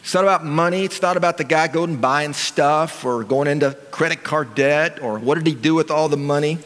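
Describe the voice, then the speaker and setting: A man's voice: a little high, fairly quick, fairly bright tone. A male pastor preaching a sermon in a church, talking in a conversational way and asking his audience questions. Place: church sanctuary. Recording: long reverb of a large hall.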